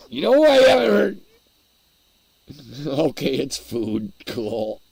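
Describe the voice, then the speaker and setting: A man's voice: medium pitch, wildly swooping pitch, takes it slowly, creaky, darkish tone, breathy edge, dry recording. A man hosting a casual livestream, rambling and chuckling as he answers his chat while eating. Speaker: livestream host.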